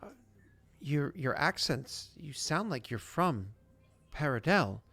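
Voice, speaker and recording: A man's voice: fairly high pitch, big pitch swings, slow, creaky, a bit bright, no echo, voice pushed up, heavily acted. A man voicing a blunt, mildly irritable woman soldier who asks direct questions. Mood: curious.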